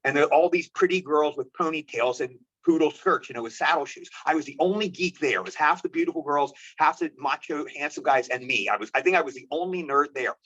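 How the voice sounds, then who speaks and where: A man from the United States, an actor, telling animated anecdotes as an interview guest. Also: on the high side, a little fast, hardly any pauses. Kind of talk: storytelling interview. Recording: dull lo-fi audio.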